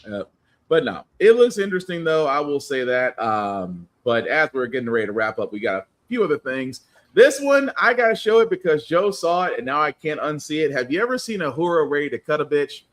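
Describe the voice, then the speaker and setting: A man's voice: fairly high pitch, brisk. A man co-hosting a casual pop-culture podcast, joking and talking loosely. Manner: loose, joking, lively delivery. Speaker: podcast co-host. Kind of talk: casual chat.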